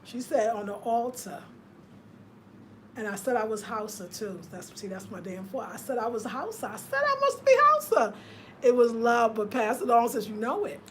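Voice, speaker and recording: A woman, chatting casually with viewers on a livestream, swinging between loud laughter and hushed murmurs. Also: a little high, normal speed, slight background noise. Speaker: vlogger.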